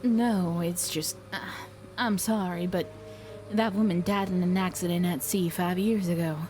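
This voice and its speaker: A woman voicing a brisk, modern-minded young female diver, reading game dialogue aloud with a light put-on accent. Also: on the low side, steady tone, music in the background, voice pushed down, close to an everyday voice. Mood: matter-of-fact.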